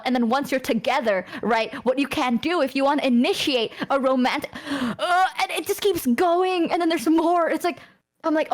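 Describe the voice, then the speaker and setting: A woman streamer in casual chat, animated and swearing often, with sudden high-pitched outbursts. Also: normal speed.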